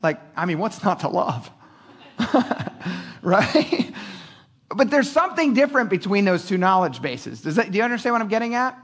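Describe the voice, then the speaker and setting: Male pastor, middle-aged, casual sermon, high voice, animated, conversational. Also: normal speed. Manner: conversational, animated, acts out quotes, laughs often.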